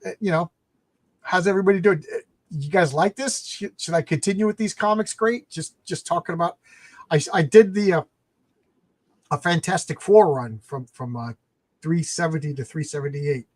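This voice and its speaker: A man's voice: a little high, moderate pace, no room sound. A man hosting a casual late-night comics live stream, rambling as he retells comic plots.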